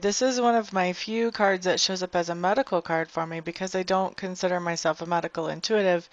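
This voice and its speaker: A woman's voice: on the low side, dry recording, highs cut off. A woman giving a chatty, blunt weekly tarot forecast as a tarot reader, mildly sarcastic at times.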